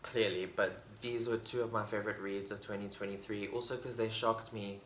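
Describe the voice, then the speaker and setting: A man's voice: fairly low pitch, steady tone, a little fast, fairly bright tone. Rambling man in an echoey room. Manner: rambling, enthusiastic, full of fillers and restarts. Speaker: book vlogger. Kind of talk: casual book review chat. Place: room at home with a bookshelf. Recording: roomy echo, faint background noise.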